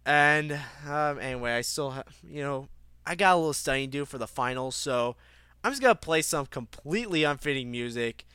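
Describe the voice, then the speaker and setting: Young man, podcast host, rambly casual chat, higher pitch, crisp bright tone. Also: expressive, fairly quick, no room sound. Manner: rambling, many fillers and restarts. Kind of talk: casual gaming news chat.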